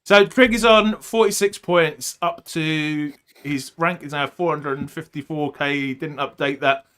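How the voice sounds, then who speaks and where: A man's voice: fairly high pitch, unhurried, a bit bright, smooth. A man hosting a casual live podcast chat, joking and rambling, with lots of ums and uhs. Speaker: podcast host.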